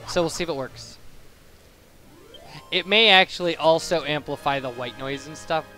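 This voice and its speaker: A young man chats through his game in a bright, slightly high voice, drifting off into digressions and restarting his sentences. He talks into a boosted home microphone. Faint game music runs behind him. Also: moderate pace. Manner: rambling, digressive, self-correcting. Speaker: let's play commentator. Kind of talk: casual gameplay commentary.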